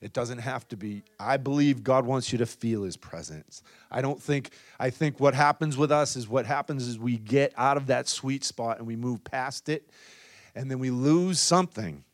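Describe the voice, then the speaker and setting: A man preaching a charismatic sermon, swinging between loud exhortation and soft, intimate asides, often adding "come on" and "right?". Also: medium pitch, moderate pace, no echo. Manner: peppers talk with "come on" and "right?".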